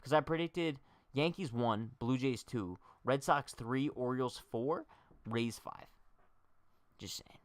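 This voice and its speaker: A man's voice: mid-range voice, slow pace, dry recording. A young man hosting a casual baseball livestream, chatting and joking straight to his viewers. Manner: chatty, jokey, talks to chat directly.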